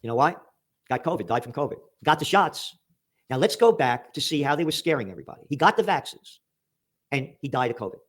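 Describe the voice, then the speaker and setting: A man's voice: on the high side, lively intonation, fast talker. An American man hosting a political commentary show, reading news headlines aloud and ranting about them with sarcastic, emphatic outbursts. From United States.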